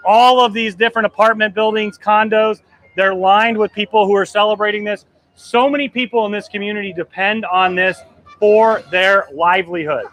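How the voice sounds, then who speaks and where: A man in his thirties hosting a live travel vlog from the deck of a cruise ship, excited and emotional, his voice trembling and choking up as he rambles. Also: sits high, normal speed. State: trembling, choked up. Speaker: travel agency host.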